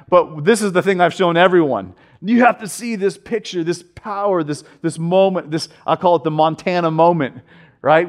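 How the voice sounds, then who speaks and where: Male pastor with a high voice, casual storytelling sermon with humor, keeps checking in with "right?". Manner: chatty storytelling with humor and asides; often asks listeners "right?". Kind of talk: conversational sermon.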